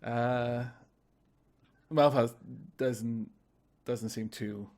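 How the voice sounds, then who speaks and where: A man playing a tabletop role-playing game, describing his character's actions in a relaxed way with chatty asides. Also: medium pitch, very slow. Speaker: player.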